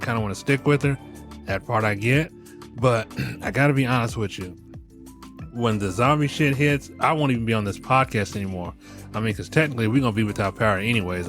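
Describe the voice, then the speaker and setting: A middle-aged man hosting a podcast in a casual comic monologue, laughing often, swearing freely and talking straight to his listeners. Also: mid-range voice. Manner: animated, laughing, profane, talks to listeners as y'all. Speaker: podcast host.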